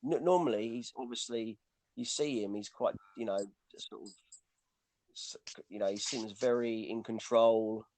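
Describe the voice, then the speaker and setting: A man's voice: mid-range voice, unhurried, darkish tone, slight background noise. A man co-hosting a casual film chat, rambling with many restarts and fillers. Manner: rambling, lots of restarts and "you know". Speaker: podcast co-host.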